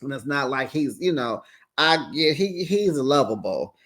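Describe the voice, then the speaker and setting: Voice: animated, unhurried, a bit bright. Sassy, chatty Bay recap host. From San Francisco Bay Area. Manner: chatty and sassy, with big pitch jumps. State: tired. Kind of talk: casual recap commentary.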